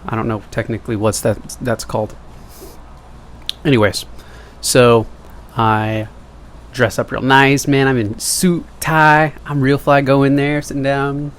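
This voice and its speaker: A man's voice: medium pitch, flat delivery, a little slow, a little hiss or hum. Rambling joking young man on camera. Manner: jokey, self-deprecating, wandering asides. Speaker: vlogger. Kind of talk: rambling casual monologue to camera.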